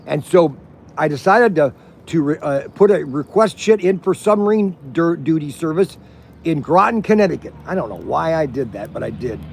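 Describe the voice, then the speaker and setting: A man's voice: a little high, lively intonation, normal speed, vocal fry, a little mellow, slight background noise. A man in his sixties telling rambling stories at an outdoor campfire, acting out what others said. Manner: rambling, acts out quoted voices. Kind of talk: casual storytelling.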